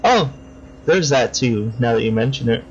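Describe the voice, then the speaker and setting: A man's voice: medium pitch, animated, moderate pace, slightly rough, highs cut off. A man doing a purring sadistic male villain. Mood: creepy gleeful. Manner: sing-song, purring menace.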